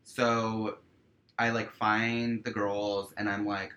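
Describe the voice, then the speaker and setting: A man with a lowish, bright and forceful voice tells a story as a podcast guest. He swears freely and fills his sentences with "like", acting out the people in his story as he goes. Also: slow pace, lo-fi sound. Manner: profane, peppered with "like"; animated storyteller acting out dialogue. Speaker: guest, stage performer. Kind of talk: casual podcast chat, storytelling.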